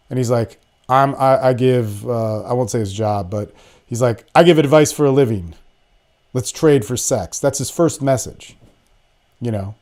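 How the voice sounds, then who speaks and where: A young man holds forth in a casual podcast monologue, rambling and blunt, with plenty of swearing. His voice sits in a dark, mellow register at an ordinary pitch. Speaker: podcast host.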